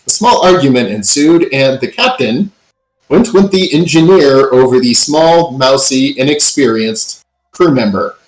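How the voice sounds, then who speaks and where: A male game master narrating a tabletop adventure, leaning into dramatic recaps and pausing on fillers. His voice sits in a middle pitch. It carries a roomy echo around it. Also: animated.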